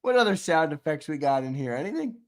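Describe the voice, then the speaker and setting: A man hosting a sports live stream in a loose, joking way. He laughs easily and chats with viewers as he reads their comments. His voice sits a little high for a man. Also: lively intonation, a little fast. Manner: laughing, playful, reads chat aloud. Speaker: podcast host. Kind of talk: casual live-stream banter.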